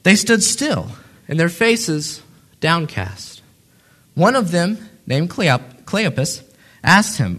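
A man teaching a Bible passage in a relaxed, conversational way, with many fillers and restarts, acting out what people say. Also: sits high, slow pace.

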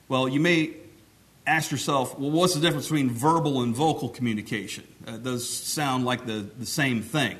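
A man's voice: medium pitch, a bit bright. A man preaching a teaching sermon in a conversational way, explaining points plainly and talking with his hands. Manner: conversational, talks with his hands, many restarts.

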